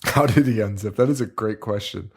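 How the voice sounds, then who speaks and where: With a lowish voice, a breathy edge, and a slightly fast pace, this podcast co-host chats casually about a movie. He gets animated, swears freely, and performs scenes using silly voices.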